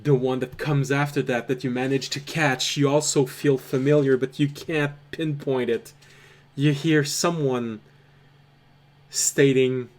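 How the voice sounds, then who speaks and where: A man narrating a tabletop role-playing game as game master, telling the scene in a measured, dramatic way. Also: medium pitch, steady tone. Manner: slow, measured, dramatic storytelling.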